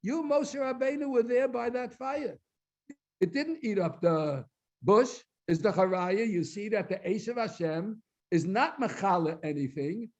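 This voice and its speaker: A man's voice: high-pitched, measured pace. A man, a rabbi, gives a Talmud lecture in a synagogue, explaining each source phrase by phrase and translating as he goes, sometimes repeating words while he looks for the next phrase. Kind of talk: Talmud lecture at a study completion. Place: synagogue hall. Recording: dull lo-fi recording.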